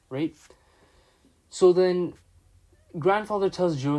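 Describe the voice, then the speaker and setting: A man's voice: a little high, a little slow, pauses often, dark tone. A man casually recapping a manga chapter, a bit under the weather, loosely retelling scenes with lots of "he's like" and filler words. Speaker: manga reviewer.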